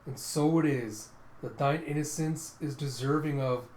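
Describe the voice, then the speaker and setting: A man reading a brooding male vampire lord aloud, slow and grave with old-fashioned diction, in a roomy room. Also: a little high, fairly even intonation, darkish tone, slight background noise, close to an everyday voice. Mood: menacing. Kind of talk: dramatic comic readthrough.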